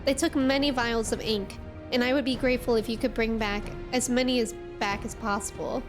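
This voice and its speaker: A woman's voice: fairly high pitch, fairly even intonation, a little fast, music in the background, close to an everyday voice. A woman reading aloud the part of a weakened fae artisan who asks a mortal for help, in a formal, pleading manner. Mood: formal plea. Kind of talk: reading game dialogue aloud.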